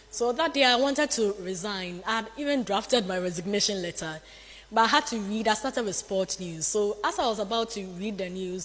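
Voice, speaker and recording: A woman with a Ghanaian English accent, a newscaster telling an animated, dramatic story about her career. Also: mid-range voice. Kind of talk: motivational storytelling talk. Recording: long hall reverb.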